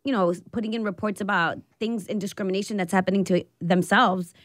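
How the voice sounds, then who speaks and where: A woman's voice: mid-range voice, fairly even intonation, fairly quick, no room sound, studio quality. A woman co-hosting a radio talk show, chatty and encouraging in her remarks. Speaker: radio co-host. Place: radio studio.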